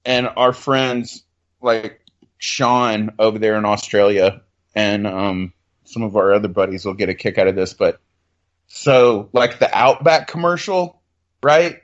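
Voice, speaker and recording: A man's voice: on the low side, a little slow. Man, casual podcast chatter, loose and profane, muffled lo-fi audio. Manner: loose, profane, excitable with many fillers.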